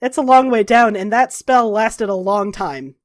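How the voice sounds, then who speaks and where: A woman narrating a tabletop game as game master, swearing casually and slowing down for drama. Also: medium pitch. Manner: laughs while narrating, drawn-out dramatic pacing.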